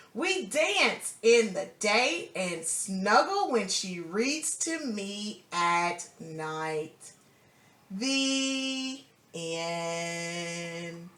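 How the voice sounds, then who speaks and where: A woman reads a picture book aloud to a small child, slow and encouraging, stopping to ask about the pictures. Her bright, fairly high voice swoops up and down in a lively sing-song. The room is echoey. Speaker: storybook reader.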